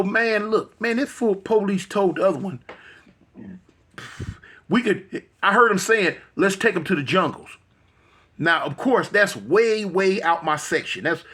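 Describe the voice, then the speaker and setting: Expressive and unhurried, a husky, high-voiced man from Los Angeles tells a lively story as an interview guest, his voice pushed and bright. He mimics others vividly, repeats himself, restarts frequently, and uses lots of slang.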